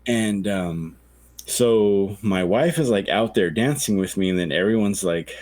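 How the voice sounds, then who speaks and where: A man with a low voice tells a rambling story in a loose, casual podcast chat. He swears freely and acts out the people in his story. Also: unhurried, a little mellow, no echo. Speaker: podcast co-host.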